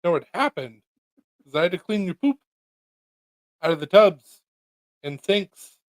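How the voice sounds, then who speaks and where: Man, casual pet chat, teasing and profane, lively swooping pitch, dry close sound. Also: a little slow, no room sound, rough recording. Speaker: pet owner.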